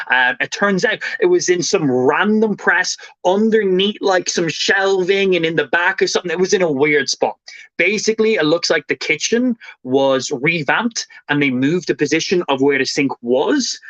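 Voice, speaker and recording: A young Irish man streaming live, telling a story in a fast, animated way and swearing casually. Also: a little high, dry recording, dull audio.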